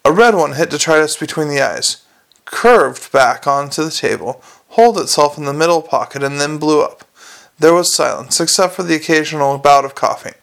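A man narrating an audiobook, with measured storytelling and small slips. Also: fairly high pitch, gravelly, fairly bright tone.

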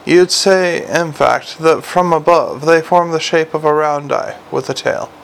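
A man reading a storybook and voicing a blunt, exasperated middle-aged watch commander who bursts into shouting. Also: on the high side, measured pace, gravelly, rough recording. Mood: weary, brooding. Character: gruff harried middle-aged male city watch commander.

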